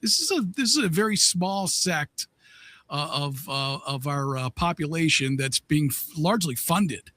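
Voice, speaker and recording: A man hosting a political podcast, talking in halting bursts with many restarts. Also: fairly high pitch, lively intonation, fairly bright tone, dry recording. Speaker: podcast host. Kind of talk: casual political podcast talk.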